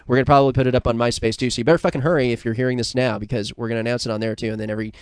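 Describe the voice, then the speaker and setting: A man's voice: mid-range voice, steady tone, rapid-fire, smooth, no room sound, clean studio sound. A man from the United States co-hosting a casual podcast, rambling, swearing and laughing through stories. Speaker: podcast co-host. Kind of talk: casual crude chat.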